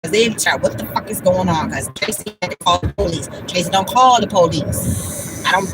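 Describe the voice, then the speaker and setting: A woman's voice: fairly low pitch, a little fast, heavy background noise. A woman, blunt and talking about herself by name in a casual livestream monologue. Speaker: vlogger.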